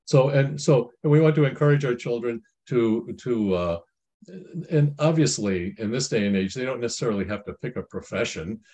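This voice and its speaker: A man's voice: medium pitch, animated, moderate pace, dark tone. Rambling, folksy middle-aged man. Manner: rambling, folksy, with many restarts and asides. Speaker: speaker giving Christian family counsel. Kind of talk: informal spiritual talk, commenting on a reading.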